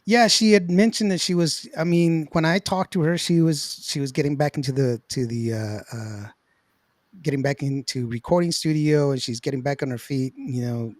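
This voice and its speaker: A man's voice: on the high side, no echo. Effusive man host, dry close sound. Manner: effusive and halting, full of fillers. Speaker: radio host. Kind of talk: casual interview.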